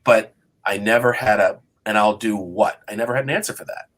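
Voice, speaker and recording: A man in his fifties, a TV journalist guest, telling animated stories and acting out his past thoughts. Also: fairly low pitch, a little fast. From Boston area. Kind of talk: storytelling in interview.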